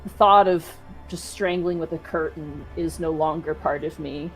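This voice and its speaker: A woman player describing her monster character's actions in a tabletop game, in drawn-out phrases with fillers. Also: low-pitched, soft background music, low-quality recording.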